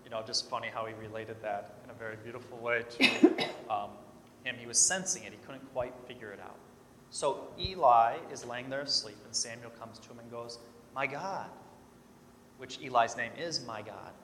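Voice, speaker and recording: A Catholic priest giving a conversational sermon, telling stories and acting out the voices in them. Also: male voice, mid-range voice, moderate pace, fairly bright tone, a little hiss or hum. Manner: storytelling, acts out quoted voices, conversational. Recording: echoey church hall with long reverb.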